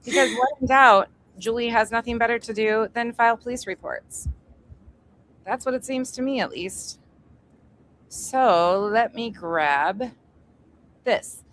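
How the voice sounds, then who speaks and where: A woman with a slightly high, fairly bright voice hosts a casual livestream from home at a measured pace, pausing often. She greets each viewer, chats, and swears freely. The recording is rough, and construction noise comes from upstairs.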